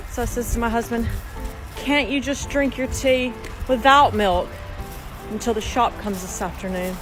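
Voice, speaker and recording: A chatty middle-aged British lady, put on by a woman in a comedy sketch, keeps disbelieving what she hears. The voice sits a little high, and she chatters on with easy sociability. Soft music runs faintly behind her. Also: natural voice. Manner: incredulous, chatty.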